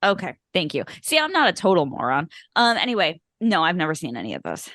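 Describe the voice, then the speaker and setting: A woman's voice: fairly low pitch, huge pitch swings, fast talker, fairly bright tone, no room sound, studio quality. A woman in her thirties co-hosting a film podcast, chatting casually with many fillers and self-mocking asides. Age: 30s. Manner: rambling, self-deprecating, lots of fillers. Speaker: podcast co-host. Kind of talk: casual chat.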